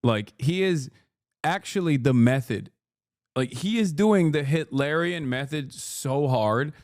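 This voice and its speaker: A man reacting to a clip on a livestream, ranting sarcastically and quickly. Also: a little high, darkish tone, dry recording, studio quality.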